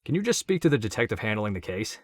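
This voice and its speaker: A man voicing a curt, formal male police officer asking brisk questions. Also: lowish voice, very animated, dry recording, clean studio sound.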